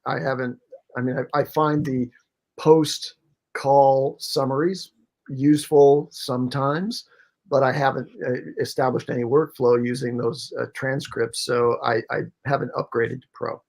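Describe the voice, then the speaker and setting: A man with a gravelly voice takes part in a casual panel chat. He speaks hesitantly, stumbling over his opening words before settling into each point. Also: mid-range voice, level tone, a little slow. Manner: hesitant, with many false starts.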